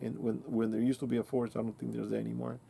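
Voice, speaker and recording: Older man, 60s, mellow and relaxed tone; casual rambling storyteller who restarts his sentences. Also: mid-range voice, rapid-fire, vocal fry, breathy edge. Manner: rambling, self-correcting, colloquial. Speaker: channel host.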